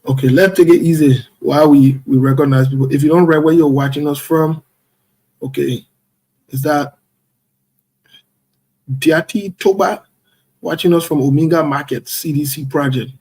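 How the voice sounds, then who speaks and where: A man's voice: on the high side, fairly even intonation, normal speed, pauses often, mellow, slightly rough. A man hosting a casual live stream, playfully greeting viewers by name and chuckling as he goes. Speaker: livestream host.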